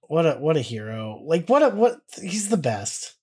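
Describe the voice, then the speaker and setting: A man's voice: on the high side, big pitch swings, normal speed, darkish tone, husky. A man co-hosts a casual podcast, rambling goofily. He drifts between his points with restarts and silly asides. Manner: goofy, rambling enthusiasm. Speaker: podcast co-host.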